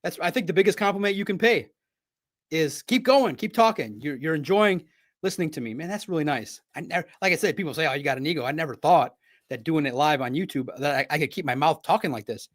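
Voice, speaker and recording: A man hosting a live sports stream, talking in an excitable, rambling, chatty way from a home studio. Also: a little high, a little fast.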